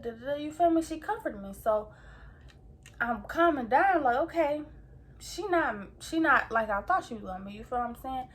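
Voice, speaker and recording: A woman's voice: sits high, animated, normal speed. A young woman in her late teens tells a story in a casual, rambling way, full of slang and repeated fillers like "like" and "you feel me". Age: young adult. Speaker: vlogger.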